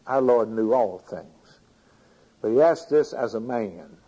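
Husky-voiced man preaching a sermon. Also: medium pitch, animated, takes it slowly, mellow, rough recording. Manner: reads scripture aloud and comments, asking the congregation questions.

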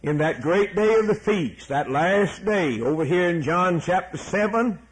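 A man's voice: sits high, expressive, a little slow, slightly rough, poor audio. A man preaching a sermon, emphatic and repeating key words, then closing in a prayer.

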